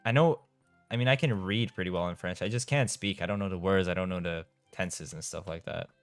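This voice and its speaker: A young Eastern European gaming streamer chats casually on a live stream, reading out and replying to chat and laughing often. His voice is low-pitched, smooth and fairly quick, with faint music in the background.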